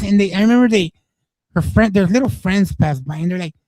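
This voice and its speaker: A man in his forties chats casually on a stream, rambling and swearing through stories. His voice sits a little high but sounds mellow and dark. The close mic leaves the sound dry. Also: moderate pace, no room sound, rough recording. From East Los Angeles. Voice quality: profane, rambling, many restarts. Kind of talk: casual storytelling chat.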